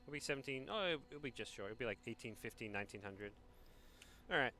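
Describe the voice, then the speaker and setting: An Australian man commentating a live esports match in a chatty, relaxed way, with lots of fillers. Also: medium pitch, fast, faint music behind.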